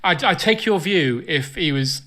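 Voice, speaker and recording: A man's voice: on the high side, animated, a little slow, bright, forceful tone. A man hosting a comedy podcast, dryly recapping film scenes. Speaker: podcast host.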